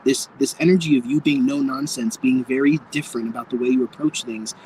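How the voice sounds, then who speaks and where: A man's voice: mid-range voice, steady tone, brisk, a little mellow, slight background noise, poor audio. A man giving a live tarot reading to viewers, speaking frankly and campily, calling people darling and swearing freely. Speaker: tarot reader.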